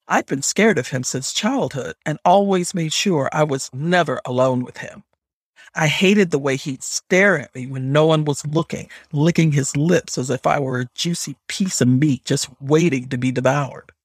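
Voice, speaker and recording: Male audiobook narrator, slightly high voice, husky, measured reading, dry close sound. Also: dry recording. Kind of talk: scripted first-person narration.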